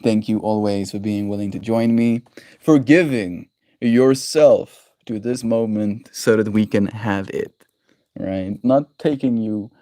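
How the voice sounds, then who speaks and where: Here the Canadian livestreamer sounds slow and mellow, his lowish voice fairly even in intonation, with no room sound. He affectionately rambles to viewers on his daily stream, giggling and throwing in made-up nonsense words.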